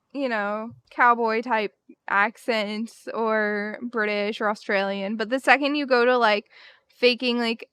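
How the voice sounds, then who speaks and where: A woman's voice: on the high side, a bit bright, clear, resonant tone. A woman streaming a game, chatting casually with viewers and co-players, laughing often and using many fillers. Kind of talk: casual gaming stream chat.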